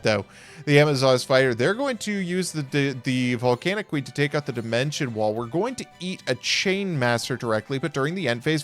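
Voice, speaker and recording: A young man giving playful, jokey play-by-play commentary on card game duels, with quick excited reactions. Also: on the high side.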